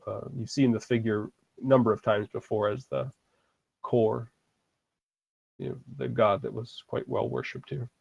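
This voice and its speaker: A man narrating as dungeon master over an online game, halting and full of fillers. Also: mid-range voice, creaky, darkish tone, dry recording, lo-fi sound. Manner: hesitant, halting descriptions with many fillers.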